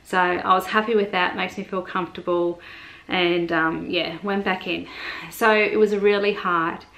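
A woman's voice: lowish voice, fairly even intonation, a little slow, vocal fry, a bit bright, rough recording. A young adult woman, chatting in a rambling way in a casual vlog and retelling conversations with many fillers. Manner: chatty, rambling, lots of fillers and retold dialogue. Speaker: vlogger. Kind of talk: casual pregnancy update vlog.

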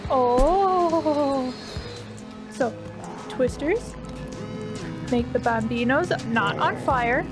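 A woman commenting on her gameplay, gasping often and repeating excited exclamations. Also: on the high side, takes it slowly, long pauses. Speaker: let's play gamer. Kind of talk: let's play commentary. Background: game music.

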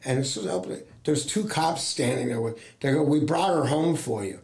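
A middle-aged American man, a talent agent appearing as an interview guest, tells rambling anecdotes in casual chat, acting out what other people said and using lots of fillers. His voice is mid-range and animated, a little fast, with a darkish tone.

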